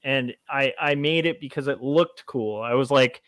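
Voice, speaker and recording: A man's voice: medium pitch, normal speed, a bit bright, dry recording. A middle-aged man co-hosting a podcast, thoughtfully sharing lessons from designing t-shirts. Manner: reflective, sharing advice. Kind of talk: casual chat.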